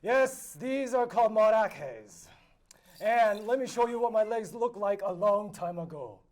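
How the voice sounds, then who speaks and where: Man cast as a pompous, high-voiced noble raconteur, grand and theatrical, improvised live. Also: lively intonation, a little slow. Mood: boastful. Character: boastful male noble spinning absurd tall tales. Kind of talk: improvised tall-tale role-play. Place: live convention panel room.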